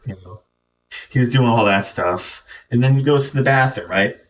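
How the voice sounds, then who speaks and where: A man's voice: medium pitch, normal speed, recorded from a distance. A man streaming a game and rambling through casual anecdotes full of fillers and restarts. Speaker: gaming streamer. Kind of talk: casual storytelling while playing.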